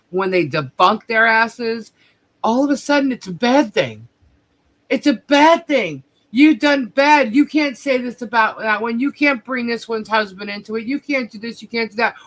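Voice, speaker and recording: A woman's voice: medium pitch, sharp tone. A woman hosting a livestream, delivering a heated, profane, confrontational commentary rant. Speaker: livestream host.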